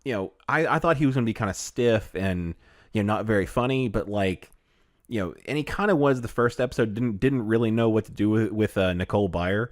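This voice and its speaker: Rambling low-voiced man chatting. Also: no room sound, studio quality. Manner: rambling, halting, laughs often. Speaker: podcast co-host. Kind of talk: casual chat.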